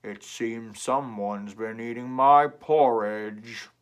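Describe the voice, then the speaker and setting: Male reader as a big storybook father bear: slow, loud, heavy delivery. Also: medium pitch, clear, resonant tone, natural voice. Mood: puzzled.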